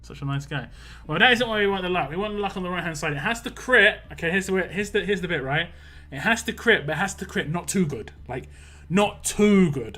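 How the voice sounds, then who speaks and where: A young man live-streaming a mobile game, chatting casually, greeting viewers by name and getting excitable over lucky rolls. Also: on the high side. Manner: excitable when hoping for lucky results. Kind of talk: live-stream gameplay chat.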